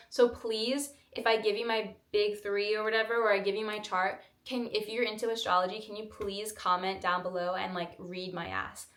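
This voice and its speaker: Young woman vlogger, twenties, rambly casual chat, mid-pitched, roomy echo. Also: fairly bright tone. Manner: chatty, rambling, lots of "like". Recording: echoey room.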